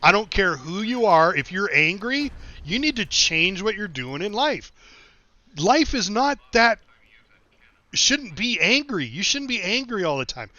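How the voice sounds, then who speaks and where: A man's voice: sits high, very animated, unhurried, bright, forceful tone, no echo. A middle-aged American man chatting casually while streaming a game, easygoing, laughing often and rambling with restarts; recorded with dull, dry sound. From United States. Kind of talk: casual chat while gaming.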